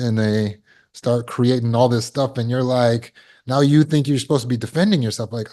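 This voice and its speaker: A man's voice: mid-range voice, steady tone, moderate pace, dark tone. Man teaching with rhetorical questions. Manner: asks rhetorical questions, repeats words while thinking. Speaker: healing course teacher. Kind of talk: spoken lesson to an online audience.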